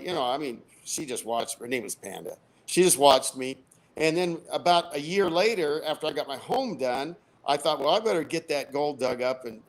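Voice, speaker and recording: An older man from the United States, a guest telling rambling stories and laughing at his own jokes. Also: a little high. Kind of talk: casual storytelling.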